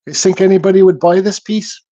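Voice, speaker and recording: A man's voice: sits high, a little fast, dull audio. A man hosting a casual livestream, chatting easily and reading out viewers' comments while he works in his home workshop. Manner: relaxed, reads chat comments aloud, mumbles. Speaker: livestream host.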